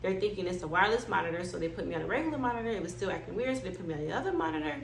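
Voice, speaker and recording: Female vlogger, gravelly voice, mid-pitched, recounts her own story and acts out the dialogue. Roomy echo. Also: very fast. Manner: animated, acts out quoted dialogue. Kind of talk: personal storytelling. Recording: echoey room with faint background noise.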